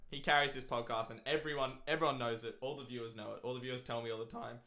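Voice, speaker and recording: A man's voice: mid-range voice, steady tone, fast talker, sharp tone, roomy sound. A man co-hosting a casual chat podcast, joking with his co-host and reading out a long listener letter with frequent laughs. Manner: laughs often, reads aloud at length.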